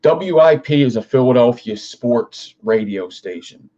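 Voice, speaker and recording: A young man rambles through a casual livestream, reacting to chat. He swears freely and wanders between topics. His voice sits at a middle pitch. The audio is dull and lo-fi. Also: animated, measured pace, mellow. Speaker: livestream host.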